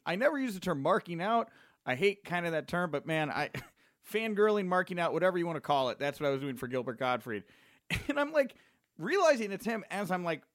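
A man hosting a podcast, telling a story in a casual, excitable way and laughing often. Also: fairly high pitch, dry recording, studio quality. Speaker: podcast host.

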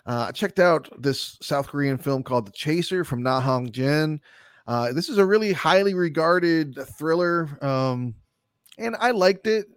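Dude rambling about movies, swears a lot, dead dry mic. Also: male voice, a little high, animated, a little slow, smooth, no room sound. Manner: rambling, profane, laughs often. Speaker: podcast co-host. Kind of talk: casual movie chat.

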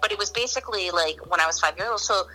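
A woman's voice: medium pitch, rapid-fire, soft background music, poor audio. A middle-aged woman comedian from Chicago, telling stories in casual podcast chat, acting out quotes and swearing freely. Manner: animated storyteller, acts out quotes, swears freely.

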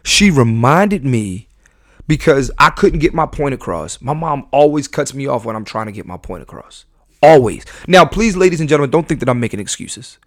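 A man hosting a podcast, talking candidly and emphatically, repeating and restarting his phrases and swinging between loud bursts and low, quiet asides. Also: expressive, normal speed, no echo, clean studio sound. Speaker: podcast host.

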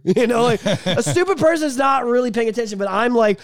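A man co-hosting a casual podcast, talking in a profane, animated way and laughing often. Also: high-pitched, fast, few pauses, dry recording. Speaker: podcast co-host.

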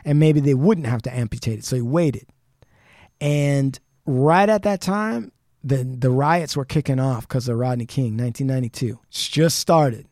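A man hosting a podcast, casually retelling a life story and reading book passages aloud, dropping low and quiet for the dramatic parts. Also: normal speed, dry recording, clean studio sound. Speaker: podcast host.

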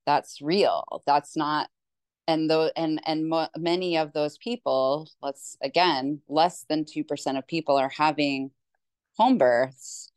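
A woman from Hawaii speaking in a documentary interview, measured and pointed as she argues for birth options. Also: low-pitched, fairly even intonation, a little mellow, clear, resonant tone, no echo.

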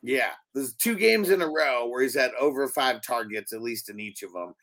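A man's voice: medium pitch, normal speed. A man hosting a casual fantasy football chat, running the segment and reading roster stats. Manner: relaxed, runs the segment, reads stats. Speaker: host.

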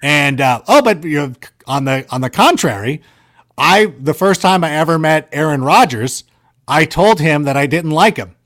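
A man casually telling stories on a podcast, animated and self-deprecating, filling his talk with "like" and "you know". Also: a little high, moderate pace. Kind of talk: casual storytelling chat.

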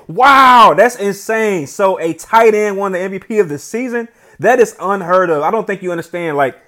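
Excitable young man calling his game. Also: high-pitched. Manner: excitable, shouts and laughs at big plays, then settles into quiet reflective talk. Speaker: gaming channel host. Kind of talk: gameplay commentary.

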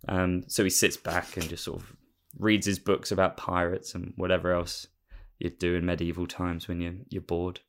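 A man with a low, monotone voice at normal speed hosts as he casually recaps a story. He rambles with many fillers and restarts, sounding amused and laughing at himself.

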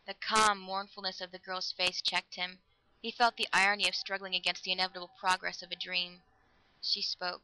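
A woman reading a story aloud in an expressive narrating manner, recorded close. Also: medium pitch, brisk, smooth, rough recording. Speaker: audiobook narrator. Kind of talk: scripted narration.

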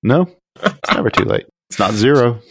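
A man co-hosting a casual podcast, making dry deadpan remarks. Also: mid-range voice, normal speed. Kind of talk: casual chat.

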